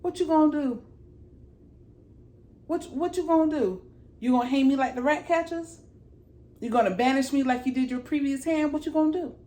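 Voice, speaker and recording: A woman playing a stern queen mother who scolds her son with sharp, rapid-fire questions. Her voice rides a little higher than usual. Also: expressive. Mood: scolding.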